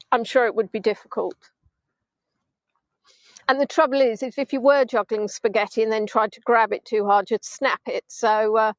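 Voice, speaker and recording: Filming a live virtual tour on a gimbal-mounted phone, a woman with a bright, high voice walks viewers along a beach at sunset. She rambles cheerfully in chatty commentary, poking fun at herself with playful asides, and the audio is dry and close without room echo.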